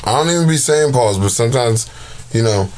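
A man's voice: medium pitch, lively intonation, brisk, darkish tone. A man giving casual, profane commentary on battle rap videos, exasperated and heavy on slang.

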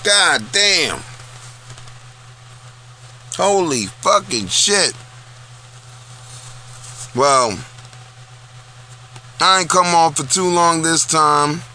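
A man's voice: a little high, lively intonation, very slow, long pauses, bright, forceful tone, a little hiss or hum. A man ranting bluntly and profanely to his camera, repeating himself for emphasis. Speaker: vlog host. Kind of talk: casual profane rant. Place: small town.

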